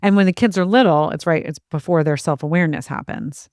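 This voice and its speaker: A woman hosting a podcast in casual conversation, candid with quick asides and casual swearing. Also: lowish voice, darkish tone, dry recording, studio quality. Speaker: podcast host.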